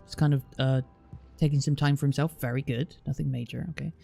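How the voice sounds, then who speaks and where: A man from Southwest England chats casually with his live chat in a southern English accent, rambling aloud with plenty of fillers over faint music. He speaks fast, medium-pitched and warm with vocal fry and fairly even intonation.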